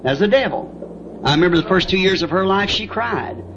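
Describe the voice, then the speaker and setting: A man's voice: sits high, lively intonation, moderate pace, a crowd in the background. A man preaching a sermon, telling family stories in a folksy way and often asking "See?". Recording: dull lo-fi old tape with faint hiss.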